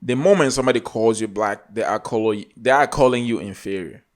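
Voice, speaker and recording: A man's voice: lowish voice, brisk. Emphatic African-born man hosting reactions. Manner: emphatic, repetitive, preachy. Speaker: reaction video host. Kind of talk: casual reaction commentary.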